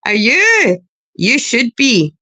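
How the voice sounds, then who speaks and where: A woman's voice: fairly high pitch, sing-song, slow, bright, forceful tone, no echo. A Scottish woman on a livestream panel, talking bluntly and swearing heavily. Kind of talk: heated livestream chat.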